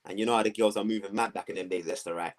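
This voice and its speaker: A man, telling his story to two hosts in a lively, slangy way, acting out the voices of people around him. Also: lowish voice, rapid-fire. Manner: animated, slangy storytelling with acted-out quotes. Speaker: guest. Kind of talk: storytelling in a conversation.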